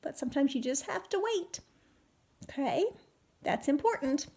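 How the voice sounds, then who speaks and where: High-voiced teacher reading to small kids. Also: female voice, moderate pace. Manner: animated, questioning, sing-song. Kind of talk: reading a picture book to young children.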